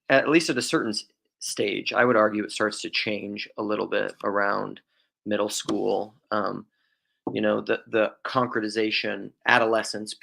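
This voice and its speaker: A young man from Western South Dakota, with a faint drawl, muses through a casual theological monologue. His voice sits on the low side and has a bright, forceful edge and a gravelly texture. He talks in loose runs and often restarts his sentences as he thinks aloud. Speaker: podcast host.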